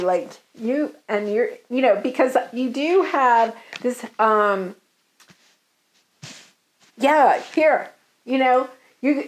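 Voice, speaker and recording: A woman giving a casual tarot love reading, chatty and giggly, with many fillers. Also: on the high side. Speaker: tarot reader.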